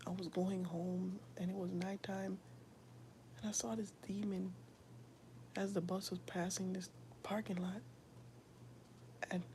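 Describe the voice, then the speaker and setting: Young woman, whispered testimony: gravelly, low-set voice, hushed and halting, full of fillers. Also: slight background noise. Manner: soft, often whispered, halting with many fillers. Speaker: streamer sharing a personal testimony.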